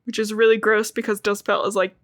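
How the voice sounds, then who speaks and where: A young woman co-hosting a podcast, recapping a book in a casual, chatty way with lots of "like" and quick jokey asides. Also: medium pitch, little pitch movement, a bit bright, no room sound. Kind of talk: casual chat.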